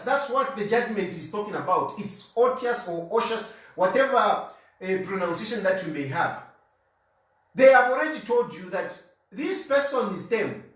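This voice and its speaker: A man's voice: sits high, a bit bright, distant mic. A Zambian man giving an insistent political monologue, repeating his points over and over for emphasis. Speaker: political commentator. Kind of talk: argumentative monologue. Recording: echoey room, voice off-mic.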